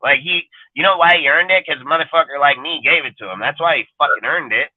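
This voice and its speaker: A man's voice: on the high side, quick pace, no room sound. A man ranting bluntly and profanely in a casual podcast chat. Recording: dry phone-line sound.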